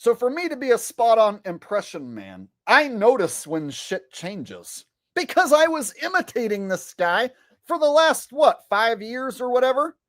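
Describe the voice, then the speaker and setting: A man's voice: very high-pitched, very animated, unhurried, a bit bright, no room sound. Guy ranting n swearing on his vlog, exasperated, voice jumping all over, dry close sound. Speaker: commentary vlogger and impressionist. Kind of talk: ranting commentary.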